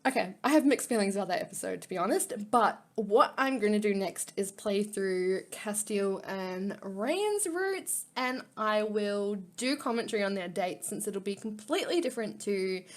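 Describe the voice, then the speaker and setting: A woman's voice: medium pitch, lively intonation, normal speed, hardly any pauses. A woman reading a visual novel game aloud, reacting emotionally with gasps and near tears. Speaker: gaming YouTuber.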